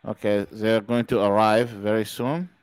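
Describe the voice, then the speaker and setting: A man's voice: lowish voice, steady tone, normal speed, a little mellow, clear, resonant tone, dry recording, low-quality recording. Jokey male podcast host, dry close mic. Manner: jokey, rambling, laughs at his own gags. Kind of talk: casual joking live-stream chat.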